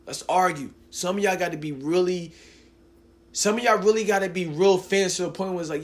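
Late 20s guy ranting on his podcast, cursing a lot, fairly high voice, keeps restarting sentences. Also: a little fast. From New Jersey. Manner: profane, rambling, animated, with frequent restarts. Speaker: podcast host. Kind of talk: casual solo podcast rant.

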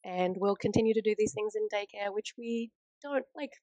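A woman's voice: medium pitch, normal speed, mellow, no room sound. A woman with an Australian accent, co-hosting a casual podcast over a video call, telling stories with many fillers. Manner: chatty storyteller, many fillers and restarts. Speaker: podcast co-host. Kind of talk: casual chat.

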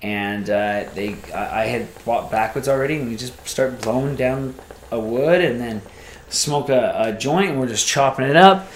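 A man telling a casual story as a podcast guest, rambling and animated, acting out the voices of people he quotes. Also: medium pitch, normal speed, echoey room, a little hiss or hum.

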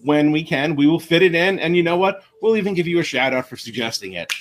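A man co-hosting a podcast in casual chat, playful and animated when telling stories. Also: fairly high pitch, fast talker. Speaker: podcast co-host.

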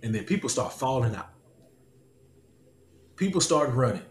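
Animated storytelling man, echoey room. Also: mid-range voice, moderate pace, slight background noise. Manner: animated storytelling, laughs often, repeats lines. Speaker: podcast host. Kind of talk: casual testimony chat. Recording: echoey room with faint ambience.

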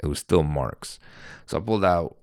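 Low-voiced man rambling through a story. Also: animated, normal speed, dry recording, studio quality. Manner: rambling, profane, frequent self-corrections. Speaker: podcaster. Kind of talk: casual storytelling. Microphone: podcast microphone.

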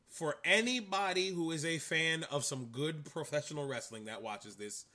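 A man's voice: on the high side, moderate pace, pushed and bright. A man co-hosting a podcast, chatting in a rambling, enthusiastic way. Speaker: podcast co-host. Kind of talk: casual chat.

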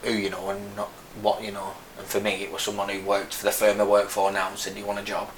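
A man's voice: on the low side, monotone, fast talker. A man in his thirties with a Lancashire accent, an army veteran guest telling his story frankly, rambling with many restarts. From Burnley, northern England. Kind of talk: casual interview. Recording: echoey room with faint noise.

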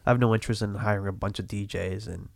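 A man's voice: on the low side, steady tone, fast talker, gravelly, no room sound, clean studio sound. A man talking casually as an interview guest about his DJ work, laid-back, with many fillers and restarts. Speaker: mobile DJ guest.

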